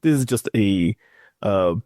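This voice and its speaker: A man's voice: on the low side, lively intonation, slow pace, mellow, no room sound, clean studio sound. A man co-hosting a horror podcast in casual, joking chat, laughing often. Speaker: podcast co-host.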